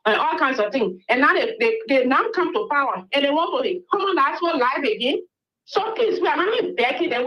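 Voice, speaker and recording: A woman's voice: sits high, a bit bright, low-quality recording. A woman caller, speaking earnestly and pleading on a radio call-in. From Liberia.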